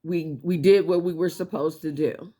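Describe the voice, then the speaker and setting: A woman's voice: low voice, fairly even intonation, moderate pace, dark tone. A woman vlogger chatting casually and candidly to her viewers, swearing freely and laughing often, with a scratchy throat. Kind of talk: casual chat to camera.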